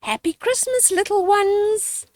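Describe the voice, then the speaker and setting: A woman's voice: on the high side, big pitch swings, takes it slowly, no echo. A woman doing a kindly mother mouse. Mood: tender.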